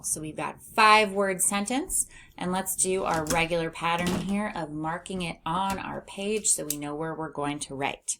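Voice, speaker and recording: A woman's voice: lowish voice, unhurried, few pauses, bright, forceful tone. A woman teaching a phonics lesson to young readers, patiently spelling out letters and sounding out words as she reads. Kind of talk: teaching early readers, reading aloud.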